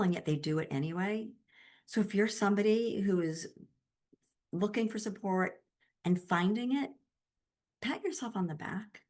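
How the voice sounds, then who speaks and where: A woman speaks in a low, slightly gravelly voice, talking as a grief support specialist in an interview. Her manner is emphatic yet gentle, and she keeps it conversational. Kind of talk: interview answers.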